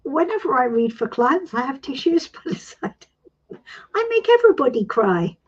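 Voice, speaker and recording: Middle-aged British woman, tarot host; warm, encouraging coaching talk, animated delivery over slightly muffled stream audio. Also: sits high, moderate pace. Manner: warm, reassuring, calls people sweetie. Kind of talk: live-stream coaching chat.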